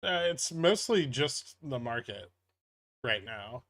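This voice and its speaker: Bright-voiced man hosting a casual stream. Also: medium pitch, slow pace, no room sound. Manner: reads chat messages aloud, then answers in a relaxed, rambling way. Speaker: livestream host reading chat. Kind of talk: casual stock-market livestream chat.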